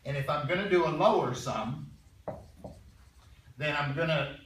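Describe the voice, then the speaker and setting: A male math teacher lecturing a classroom in a conversational way, often clearing his throat and checking in with his students. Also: a little high, unhurried, a bit bright, a little hiss or hum. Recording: roomy classroom sound from a distance.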